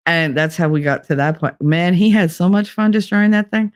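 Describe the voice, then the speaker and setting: A woman's voice: lowish voice, moderate pace. Chatty middle-aged woman live-streaming. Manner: rambling and chatty, with frequent laughs and fillers. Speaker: live streamer reading chat. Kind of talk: casual live-stream chat. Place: sparsely furnished room with bare walls and no curtains.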